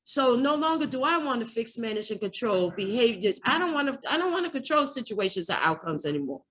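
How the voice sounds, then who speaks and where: A woman's voice: fairly high pitch, pushed and bright. A woman giving an emotional personal share at a recovery workshop, raw and candid, cursing freely and repeating herself.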